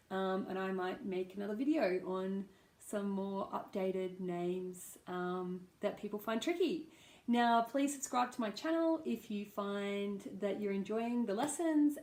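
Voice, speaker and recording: An Australian woman leads a casual pronunciation lesson, pulling each sound apart slowly and deliberately. Her pace is unhurried throughout, with a noticeable room echo around her voice, and her pitch sits mid-range. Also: a little mellow. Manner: slow, deliberate, drawing out sounds to demonstrate. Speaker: English pronunciation teacher.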